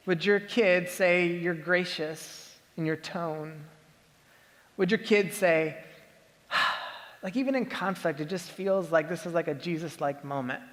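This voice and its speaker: A man's voice: sits high, a bit bright, long reverb tail. A man preaching a sermon as a pastor, talking conversationally and asking his listeners many rhetorical questions.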